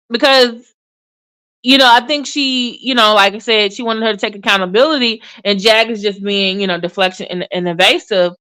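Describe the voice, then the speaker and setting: A woman hosting a casual livestream commentary, chatty and animated, with many fillers and restarts. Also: a little high. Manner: addresses viewers in chat by name. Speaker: commentary channel host.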